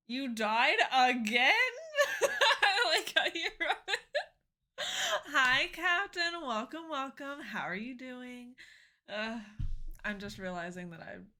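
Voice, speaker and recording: A young woman chatting casually with viewers during a game live stream, bubbly and quick to laugh. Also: high voice, bright, forceful tone.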